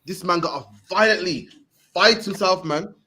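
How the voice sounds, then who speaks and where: A man preaching to a group, punchy and forceful, ending his lines with "man". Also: high-pitched, moderate pace, husky. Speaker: street preacher teaching a group. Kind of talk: impassioned preaching.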